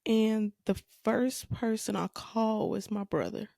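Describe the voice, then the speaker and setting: Slow, gravelly woman telling a tearful story. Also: mid-range voice, mellow, no room sound, clean studio sound. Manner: halting, repeats phrases, emotional. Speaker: podcast host. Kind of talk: personal storytelling.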